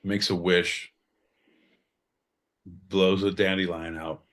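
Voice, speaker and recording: Low-voiced man, brash podcast co-host. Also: flat delivery, slow pace. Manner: loud, profane, mocking, bursts into exaggerated voices. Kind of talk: crude comedic banter.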